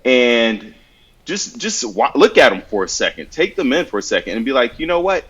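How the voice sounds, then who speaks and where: A man's voice: mid-range voice, big pitch swings, normal speed, fairly bright tone, breathy edge, dull audio. A man on a podcast giving earnest, conversational advice and telling anecdotes as examples. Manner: earnest, storytelling with acted-out examples. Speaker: podcast guest giving mental health advice.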